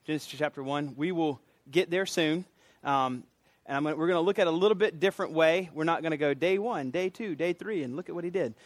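A middle-aged pastor with a Southern US accent teaches a doctrine class, delivering his sermon in a conversational, folksy way with self-deprecating asides. His voice is on the high side and fast, with no echo.

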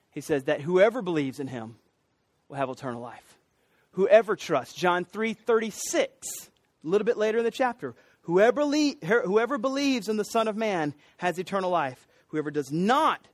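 A man's voice: fairly high pitch, dry recording. A man preaching a sermon, retelling a story and rising into emphatic, repeated cries.

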